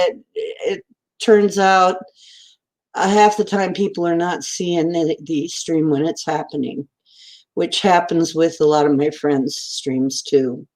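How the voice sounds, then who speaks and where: A woman's voice: on the low side, a little mellow. A woman hosting a casual live stream from home, greeting viewers by name and rambling in a giggly, stream-of-consciousness way. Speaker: livestream host.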